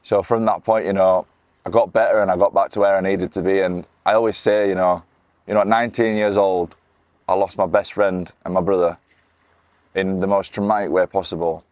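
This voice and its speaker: A man's voice: deep voice, fairly even intonation, brisk, a little mellow, no echo. A man in his twenties talking to camera, telling his own story in an earnest, candid way with many restarts and "you know" fillers. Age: 20s. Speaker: motivational speaker. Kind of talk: personal testimony to camera.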